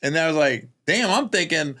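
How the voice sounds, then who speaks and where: A man co-hosting a podcast as a comedian, telling stories in casual chat and acting out quotes in high voices. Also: lively intonation, normal speed, pushed and bright.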